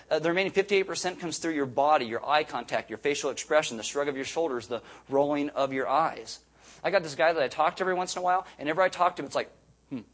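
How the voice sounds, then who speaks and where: A man's voice: on the high side, a bit bright. A middle-aged man pastor giving a sermon in a conversational manner, repeating himself and adding jokey asides.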